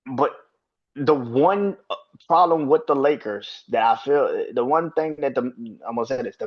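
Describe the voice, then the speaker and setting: A man's voice: mid-range voice, dull audio. A man hosting a sports podcast, ranting in a profane, heated way and repeating himself when worked up. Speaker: podcast host. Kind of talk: casual sports rant.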